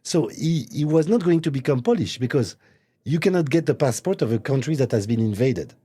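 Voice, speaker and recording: Guy guesting on a chat show, mellow husky tone, stops and restarts a lot. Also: mid-range voice, animated. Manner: hesitant, halting, repeats words. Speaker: watch brand executive, guest. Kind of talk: casual interview. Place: recording studio.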